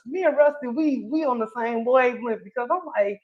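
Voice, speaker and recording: On dull, lo-fi stream audio, a woman from North Carolina runs a livestream where she reads chat, responds to comments, gives casual opinions and often laughs. Her voice is fairly high and darkish, and she talks a little fast.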